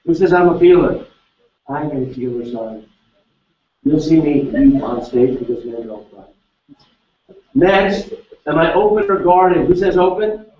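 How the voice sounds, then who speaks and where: A fairly high-voiced man runs a live seminar, firing quick questions at the crowd. He sounds distant and echoey, as if miked from across a big hall, and the sound is a little dull. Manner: energetic, quizzing the audience with quick questions. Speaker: seminar speaker. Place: large seminar room with live audience.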